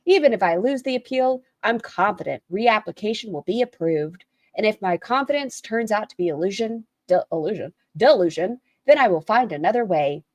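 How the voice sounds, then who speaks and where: A woman's voice: medium pitch, lively intonation, fairly quick, no room sound. Blunt woman streamer, dry close mic. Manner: reads aloud and critiques a written statement, blunt, swears casually; reads viewer chat messages aloud and answers them. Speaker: livestream host. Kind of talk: casual livestream commentary.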